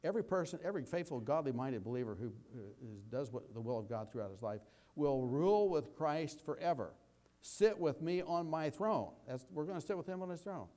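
A man giving a conversational Bible teaching, rambling with restarts and slowing down to read scripture aloud. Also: mid-range voice, animated, mellow. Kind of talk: sermon.

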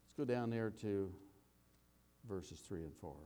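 A man giving a conversational Bible teaching, rambling with restarts and slowing down to read scripture aloud. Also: lowish voice, mellow, clean tone. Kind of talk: sermon.

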